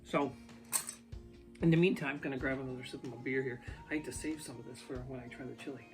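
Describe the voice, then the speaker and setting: A man's voice: medium pitch, fairly even intonation, fast talker, over music. A man casually vlogging from his home basement, talking unscripted and rambling as he reviews food. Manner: rambling, off-the-cuff, chatty. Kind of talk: casual unscripted vlog talk. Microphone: ear pod.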